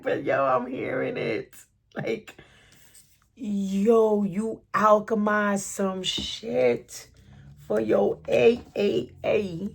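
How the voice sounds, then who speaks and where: A middle-aged woman reads tarot cards in a loose, spontaneous way. Her gravelly voice moves slowly, then bursts into excited slang, laughter and bits of song. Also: medium pitch. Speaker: tarot reader.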